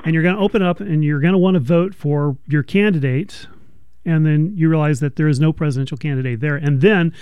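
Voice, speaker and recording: A male radio host interviewing a guest, talking in a halting way with many fillers. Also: a little high, clean tone, dry recording, lo-fi sound.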